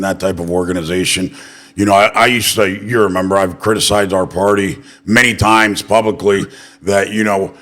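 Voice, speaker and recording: Low-voiced man telling stories casually. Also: sharp tone. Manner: loose, profane storytelling with acted quotes. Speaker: podcast host. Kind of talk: casual political interview chat.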